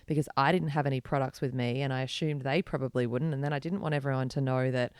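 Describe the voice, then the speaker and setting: Frank Australian woman, smooth and even. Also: a bass voice, fast, no echo, studio quality. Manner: earnest and frank, speaking at length. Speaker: podcast guest. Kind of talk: candid interview conversation.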